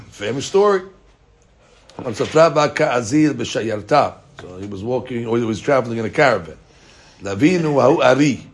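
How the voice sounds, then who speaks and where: Male Talmud teacher, animated storyteller, mid-range voice, mixes Hebrew and Aramaic. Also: medium pitch. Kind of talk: daily Talmud class.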